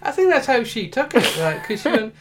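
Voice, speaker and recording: Jokey man, animated pitch. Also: brisk, very noisy. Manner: jokey storyteller, slips into silly voices. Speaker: podcast co-host. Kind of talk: casual chat.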